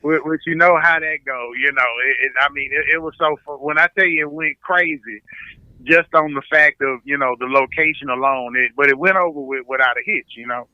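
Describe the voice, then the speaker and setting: A man, a stand-up comedian guest, telling stories in a casual chat, animated, repeating his words as he goes. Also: fairly high pitch, brisk, clear, resonant tone, dry recording. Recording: dull, lo-fi dry sound.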